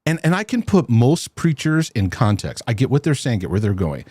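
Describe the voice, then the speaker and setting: A man hosting a casual talk show with his wife, animated, often repeating words and restarting. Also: medium pitch, brisk, slightly rough, no echo. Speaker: host.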